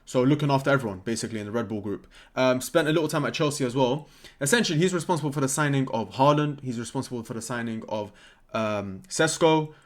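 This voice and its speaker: A young man, giving an excitable, jokey football vlog and cutting himself off mid-thought. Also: medium pitch, fast talker. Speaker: football content creator.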